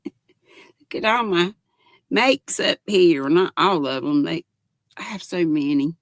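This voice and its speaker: An older woman hosts a relaxed livestream chat and greets her viewers one by one. Her gravelly voice rises and falls in a lively way as she talks at an unhurried pace. The sound is dry and close. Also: lowish voice, no room sound. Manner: chatty, greets viewers by name. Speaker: livestream host.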